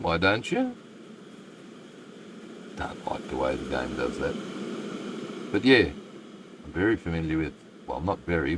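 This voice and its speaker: A man's voice: rumbling low, slight background noise, rough recording. An Australian man live-streaming a game, chatting with viewers and muttering asides to the game. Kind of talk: live stream commentary, reading chat.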